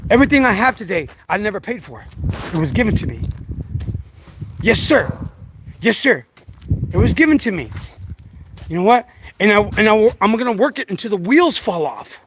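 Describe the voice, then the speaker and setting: Man, fairly high voice, rambling, preachy, stop-start delivery, faint noise behind, outdoors. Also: big pitch swings, normal speed, pauses often. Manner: rambling, preachy, many restarts and fillers. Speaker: dog breeder. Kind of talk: casual talk to camera.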